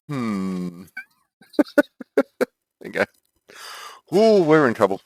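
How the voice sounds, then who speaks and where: A man's voice: medium pitch, no echo. A man streaming a game, chatting casually, thinking aloud and laughing often. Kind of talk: casual gameplay chat.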